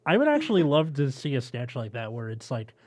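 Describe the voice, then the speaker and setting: A man hosting a comedy podcast, joking and swearing in quick asides, also reading narration aloud. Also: mid-range voice, huge pitch swings, a little mellow. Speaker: podcast host. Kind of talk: casual comedy podcast chat. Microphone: recorded wearing a mask.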